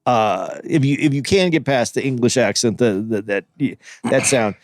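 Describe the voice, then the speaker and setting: A man's voice: medium pitch, lively intonation, normal speed, dry recording. A man hosting a podcast, easygoing and enthusiastic, reviewing a movie in casual chat. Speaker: podcast host.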